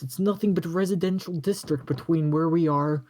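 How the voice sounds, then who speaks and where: A man playing a character in a tabletop game, stammering and halting in his speech. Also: on the high side, darkish tone. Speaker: player.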